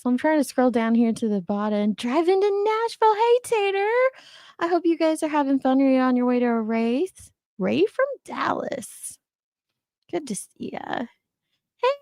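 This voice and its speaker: Chatty gravelly grandma streamer. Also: female voice, high-pitched, darkish tone, dry recording, clean studio sound. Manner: chatty, greets viewers, laughs often. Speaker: livestream host. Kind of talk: casual live chat.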